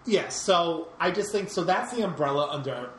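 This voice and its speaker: A woman's voice: on the low side, expressive, moderate pace, reverberant, a little hiss or hum. A woman co-hosting a casual podcast about movies, enthusiastic and rambling, often laughing, with her microphone set far away. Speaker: podcast co-host.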